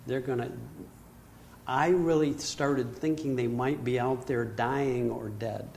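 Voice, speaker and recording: An older man telling a personal story in an animated way, acting out his own panic. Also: medium pitch, slow, vocal fry, a little hiss or hum. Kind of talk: storytelling talk.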